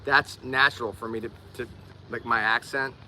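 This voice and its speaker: A man from Delaware County, Pennsylvania, with a Philadelphia accent chats casually with viewers on a live stream, often repeating words as he searches for them. His mid-range voice is pushed and bright, with fairly even intonation at a moderate pace, on a low-quality recording with slight background noise.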